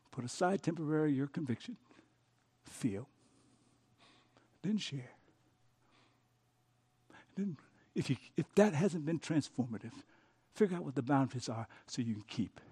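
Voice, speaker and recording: A middle-aged man preaching a sermon as pastor, telling a story and swinging from soft, hushed moments to passionate pleas. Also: fairly high pitch, animated, unhurried, long pauses, husky.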